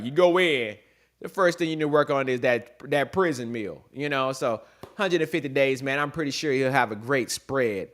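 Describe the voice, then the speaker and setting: A man's voice: on the high side, a bit bright. A young man hosting his own comedy podcast, riffing loosely in slang and laughing at his own jokes. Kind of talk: casual comedic monologue.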